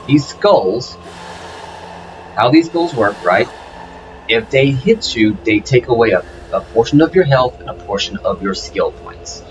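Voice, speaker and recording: With game music playing, a man gives unhurried, casual commentary on his game in a mid-range, sing-song voice. He restarts himself and uses fillers a lot, and there's background noise.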